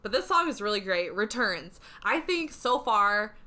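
A woman co-hosting a casual music review chat, talking excitedly with lots of "like" fillers. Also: medium pitch, unhurried. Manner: excited, gushing, many "like" fillers. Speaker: co-host reviewing songs.

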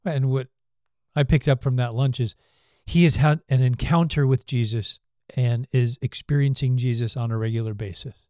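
A man's voice: mid-range voice, steady tone, normal speed, mellow, no room sound, clean studio sound. A man co-hosting a faith podcast, talking earnestly and acting out little quotes with laughs. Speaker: podcast co-host.

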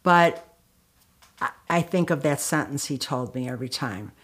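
A woman's voice: very deep voice, lively intonation, normal speed, husky. A middle-aged woman, a guest on an interview show, telling her story in an emotional, candid way with many fillers and restarts. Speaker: guest, author and anti-violence activist. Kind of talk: conversational storytelling.

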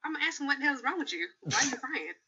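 High, lively, bright-voiced woman. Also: rapid-fire. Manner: giggly, repeats words when starting sentences. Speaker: podcast co-host. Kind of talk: casual chat. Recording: dull lo-fi sound.

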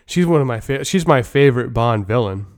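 A man hosts a casual movie review podcast, giving blunt, opinionated takes with jokes and the odd curse. His voice is smooth and clear, sitting at a middle pitch. The sound is dry and close, with no room echo. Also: expressive, a little fast. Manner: opinionated, blunt, joking, with profanity. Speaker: podcast host.

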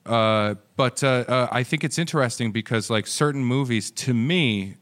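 A man's voice: mid-range voice, normal speed, a bit bright. A man from the United States co-hosting a podcast, rambling and joking in casual chat, often swearing. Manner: rambling, profane, jokey. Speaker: podcast co-host.

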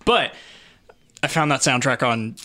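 A man's voice: medium pitch, lively intonation, a little slow, pushed and bright. A man chatting casually on a podcast, rambling a bit and restarting his sentences. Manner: rambling, restarts, laughs often. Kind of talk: casual chat.

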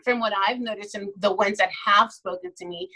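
A woman's voice: mid-range voice, animated, brisk, vocal fry, sharp tone, rough recording. A woman chatting casually about parenting, telling stories and acting out little quoted voices along the way. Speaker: parenting guest. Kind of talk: casual podcast chat.

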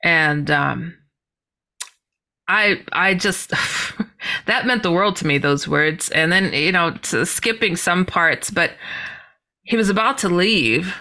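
Bright-voiced woman telling an animated story. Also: lowish voice, slow. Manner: animated, laughing, exclaiming. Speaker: guest author. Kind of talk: personal storytelling.

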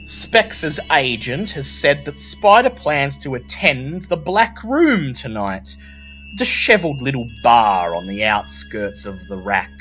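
Slow, expressive male game master. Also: mid-range voice, low-quality recording. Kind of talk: narrating a tabletop game.

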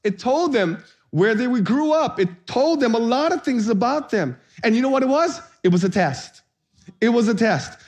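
A high-pitched man preaches with lively, playful energy. He calls out to the congregation for responses and jokes his way through the sermon. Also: normal speed. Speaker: pastor.

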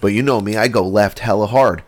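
Podcast co-host, male, very low voice, animated swearing storyteller, casual chat. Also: a little fast. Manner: animated storyteller, swears a lot, acts out quotes.

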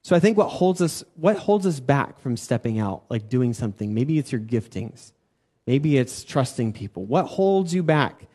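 A man's voice: medium pitch, very animated, moderate pace, mellow, breathy edge. A man teaching at church in an informal sermon style. He talks conversationally, repeats key words for emphasis and puts questions to his listeners.

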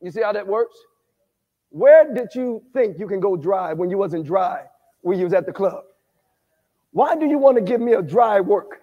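High-voiced animated preacher, echoing church. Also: male voice, normal speed, lo-fi sound. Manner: animated, rising to shouts, quizzing the congregation. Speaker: pastor. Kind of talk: sermon at a Bible study. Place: church sanctuary.

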